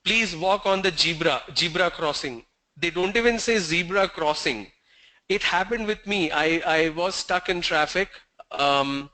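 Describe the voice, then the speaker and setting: Male pronunciation trainer, high and bright, unhurried, drills words one by one on a video call. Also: low-quality recording. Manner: drills word lists slowly, stressing each sound; tells stories to the class. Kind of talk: online pronunciation lesson.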